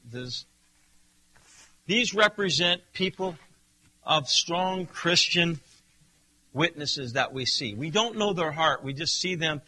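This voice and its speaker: A man preaching a sermon, acting out his points dramatically, swinging from hushed tones to shouting. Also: a little high, animated, slow, long pauses. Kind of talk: sermon with acted illustration.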